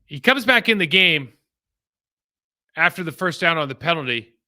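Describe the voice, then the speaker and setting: A middle-aged man casually breaking down football game film, animated and rambling with frequent asides. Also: fairly high pitch, moderate pace.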